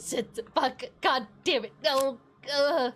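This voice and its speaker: A woman's voice: sits high, takes it slowly, fairly bright tone. A woman streamer giving live gameplay commentary, talking to herself, swearing often and laughing between lines.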